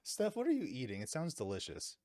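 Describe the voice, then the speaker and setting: A man's voice: mid-range voice, wildly swooping pitch, fairly quick, darkish tone, dry recording. A man co-hosting a podcast, teasing the others in casual chat. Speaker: podcast co-host.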